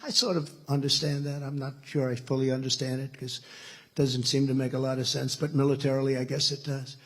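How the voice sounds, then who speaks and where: A man's voice: medium pitch, flat delivery, brisk. An American man in his seventies giving a political keynote speech, telling rambling stories full of repeated superlatives. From United States. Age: 70s. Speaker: keynote speaker.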